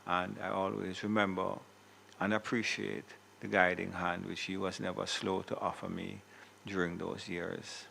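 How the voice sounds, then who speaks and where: Jamaican man chairing a senate session; gravelly, deliberate, formal. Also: low voice, flat delivery, pushed and bright, slight background noise. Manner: measured, occasional self-corrections. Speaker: presiding officer of the senate. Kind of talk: formal parliamentary tribute. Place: senate chamber.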